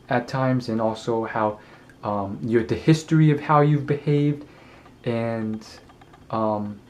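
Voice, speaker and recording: A man's voice: mid-range voice, a little mellow. Rambling, hesitant man. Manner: rambling, hesitant, lots of ums. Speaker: vlogger. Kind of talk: casual talk to camera.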